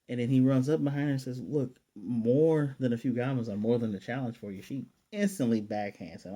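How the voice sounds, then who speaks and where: A man's voice: medium pitch, warm tone. A man casually recapping an anime episode, retelling scenes in paraphrased dialogue with chatty, self-correcting asides. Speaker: anime reviewer.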